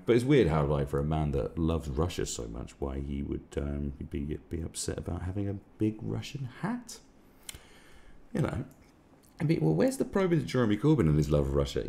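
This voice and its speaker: Gravelly low-voiced man ranting. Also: mellow. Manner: crude, sarcastic, swears often. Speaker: live stream host. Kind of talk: casual ranting commentary.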